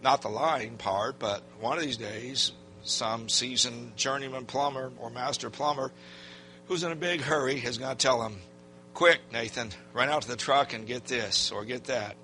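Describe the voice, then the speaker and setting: Faint music plays behind an older man giving a sermon as a pastor, his voice medium-pitched and his speed normal. Folksy and animated, he tells a personal story and acts out others' remarks.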